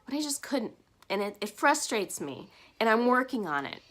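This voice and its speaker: A woman's voice: on the high side, sing-song, normal speed, a bit bright. A woman talking to camera in a personal vlog, earnest and heartfelt, speaking openly about her feelings. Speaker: vlogger.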